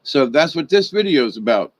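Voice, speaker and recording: A man's voice: a little high, sing-song, a little fast. A man hosting a spiritual livestream, reading chat comments in a rambling, folksy way full of fillers and restarts. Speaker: spiritual video host.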